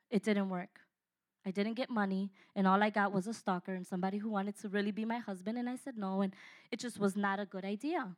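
A woman in her fifties giving an impassioned personal testimony, speaking earnestly and directly to her listeners. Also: medium pitch. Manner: earnest, addresses listeners directly, dynamic delivery.

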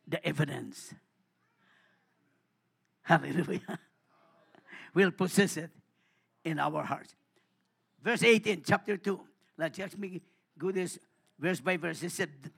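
A man preaching a sermon in church, repeating hallelujah between phrases and swinging from hushed asides to shouted calls. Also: high-pitched, vocal fry, breathy edge. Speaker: pastor.

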